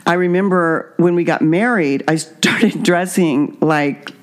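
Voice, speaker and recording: A woman from Kansas hosting a casual chat, telling stories with an animated, self-mocking manner. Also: on the low side, a little slow. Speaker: podcast host.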